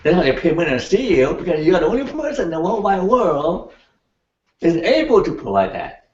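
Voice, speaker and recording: An older man lecturing a class in an animated way, laughing and checking in with his students as he goes. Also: sits high, a little fast. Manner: animated, laughing, keeps asking the class "right?". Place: lecture room. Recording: echoey, distant, dull room recording.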